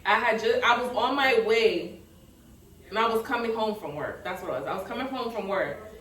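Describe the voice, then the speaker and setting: Podcast co-host, New woman, blunt profane storyteller, higher voice, roomy sound from a distance. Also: normal speed, a bit bright. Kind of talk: casual chat. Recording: echoey room, mic at a distance.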